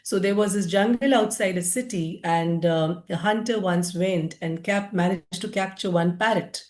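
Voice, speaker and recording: A woman's voice: lowish voice, normal speed, a little mellow. A woman giving a lecture-style book review, often hesitant with fillers and restarts. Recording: roomy echo.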